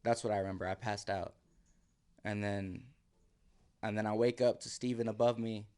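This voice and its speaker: A man's voice: on the low side, steady tone, normal speed, darkish tone, clear, resonant tone. Man telling a wild survival story. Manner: vivid, acts out his own quotes, drops to near whisper. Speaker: podcast guest. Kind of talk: casual storytelling.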